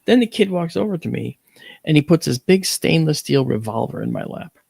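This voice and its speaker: Gravelly man telling a dramatic story. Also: fairly quick, no echo. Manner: animated, swings up in pitch for exclamations; blunt, mild cursing. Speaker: guest.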